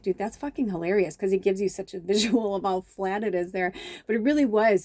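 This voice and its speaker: A middle-aged woman from Chicago tells a long personal story in a casual vlog, wandering off on tangents. Her voice is warm and relaxed. The sound is dry and close, with almost no room echo. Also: mid-range voice. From Chicago, USA. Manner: rambling and digressive, with casual swearing; acts out quoted dialogue with lively reactions. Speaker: spiritual medium.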